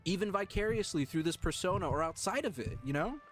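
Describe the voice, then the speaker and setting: A man streaming live, talking earnestly and emotionally to his chat, with halting restarts. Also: high-pitched, expressive, faint music behind.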